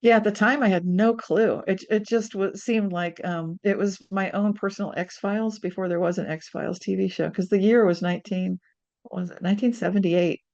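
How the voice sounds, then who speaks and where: Lively storytelling woman in her sixties. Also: medium pitch, moderate pace, highs cut off. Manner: animated storyteller, acts out quotes. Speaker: author guest. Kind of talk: storytelling interview.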